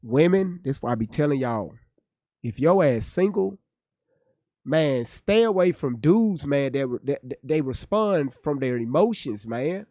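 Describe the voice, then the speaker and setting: Reacting to a clip live, this male streamer gives blunt, profane remarks and often repeats himself while thinking aloud. His voice is a little high and dark-toned, with lively intonation and an unhurried pace. Clean studio sound, no room sound.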